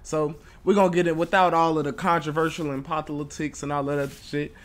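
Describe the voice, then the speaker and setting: Brief: young male reaction host, slightly high voice, blunt joking casual commentary with profanity. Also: flat delivery, fairly quick.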